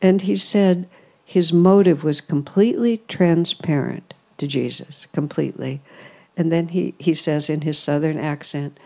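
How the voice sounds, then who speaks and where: Woman, spiritual teacher, low voice, soft mellow tone, storytelling talk. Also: a little slow, gravelly. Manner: warm storytelling, amused, reflective. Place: ashram hall.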